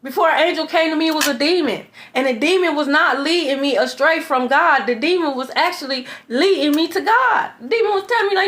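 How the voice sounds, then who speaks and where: A woman's voice: sits high, expressive, a little fast, hardly any pauses, a bit bright, a little hiss or hum. A woman giving a spiritual tarot reading in a blunt, preachy way. She swears, laughs in scorn and keeps asking "okay?". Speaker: tarot reader.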